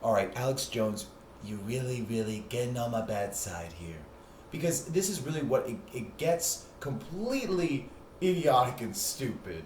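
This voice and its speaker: Man ranting profanely in an echoey room. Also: fairly high pitch. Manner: profane, heated, sarcastic. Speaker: host. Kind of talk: ranting monologue. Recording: echoey room with faint noise.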